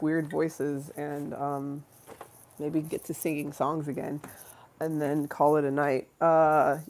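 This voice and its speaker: A woman with a deep, slightly mellow voice hosts a casual livestream. She chats in a giggly, rambling way and keeps breaking off her own sentences.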